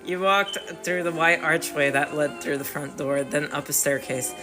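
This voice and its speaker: A man's voice: a little high, steady tone, moderate pace, music in the background. A man streaming a live game, reading the story aloud with frequent giggles. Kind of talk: live game read-through.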